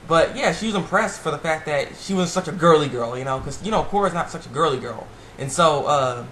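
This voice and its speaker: A man casually recapping a TV episode, rambling and excitable, with lots of fillers and restarts. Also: fairly high pitch, brisk. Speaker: TV episode reviewer. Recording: echoey room with faint background noise.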